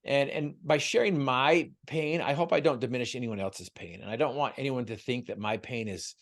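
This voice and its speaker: A man's voice: medium pitch, moderate pace. A man, a guest on an interview show, telling a personal story in an earnest, emotional way with frequent stumbles and repeated words. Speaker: guest, motivational speaker. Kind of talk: heartfelt storytelling.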